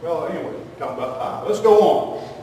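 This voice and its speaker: A man's voice: on the high side, lively intonation, a little fast, warm tone, a little hiss or hum. A man preaching a folksy, joking sermon full of homespun sayings. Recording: echoey hall, distant mic.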